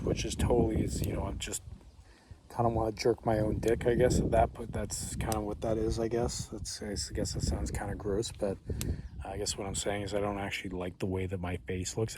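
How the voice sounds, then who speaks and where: A man's voice: fairly low pitch, level tone, a little fast, heavy background noise. A man talking to camera outdoors in a rambling, profane, reflective way, often restarting his sentences. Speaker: vlogger. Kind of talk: casual reflective monologue. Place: outdoors among trees. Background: breeze and distant ambience.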